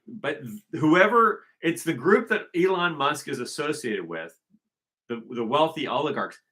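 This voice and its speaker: Bright-voiced man rambling emphatically. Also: fairly high pitch. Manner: rambling, emphatic, circling back to restate points. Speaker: vlogger. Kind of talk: casual unscripted monologue.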